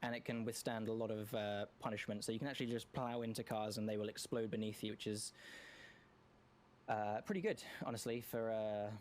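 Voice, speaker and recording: A man's voice: lowish voice, little pitch movement, slight background noise. Chatty man commentating a speedrun. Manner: chatty, self-correcting, quick jokes and laughs.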